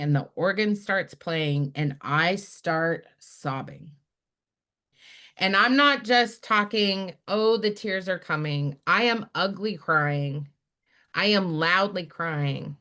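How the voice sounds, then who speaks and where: Animated storytelling woman, lowish voice. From Utah. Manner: animated storyteller, acts out quoted friends. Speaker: guest, spiritual director and activist. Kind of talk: storytelling in a conversation.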